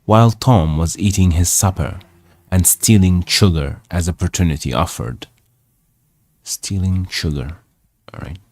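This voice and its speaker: A man's voice: sits low, measured pace, darkish tone, no room sound. A man reading a novel aloud for English learners, stopping to check words and repeat their pronunciation. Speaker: English teacher.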